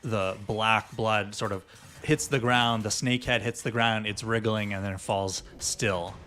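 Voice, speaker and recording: A man's voice: lowish voice, steady tone, unhurried, slight background noise. A man running a tabletop fantasy game as dungeon master, narrating and checking rules with many fillers. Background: soft fantasy music.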